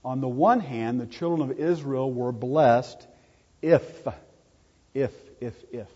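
A man preaching a sermon in a husky, mellow voice, hammering home his points by repeating words. The sound is dull and lo-fi, with a long reverb trailing off the walls of a hall. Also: mid-range voice, slow pace. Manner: emphatic, repeats key words for stress.

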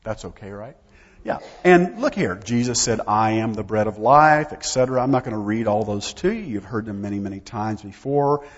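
A man's voice: lowish voice, animated, normal speed. A man preaching a sermon, emphatic and full of rhetorical questions to his congregation, recorded in a church sanctuary. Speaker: pastor. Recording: dull sound, long hall reverb.

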